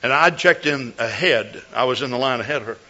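A man's voice: mid-range voice, a little fast, bright, forceful tone. An older man preaching a sermon as a pastor, telling a folksy story with repeated words and restarts. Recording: dull lo-fi recording.

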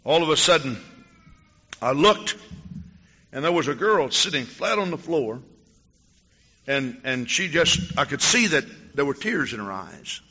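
A male pastor preaching a testimony sermon, telling a story with animated storytelling and acting out the dialogue. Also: on the high side, measured pace, pauses often, slightly rough, long reverb tail, lo-fi sound.

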